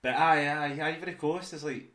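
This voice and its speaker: A man with a Glaswegian accent, co-hosting a casual football chat, sweary and animated, laughing often. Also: on the high side, moderate pace, roomy sound. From Scotland. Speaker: podcast co-host.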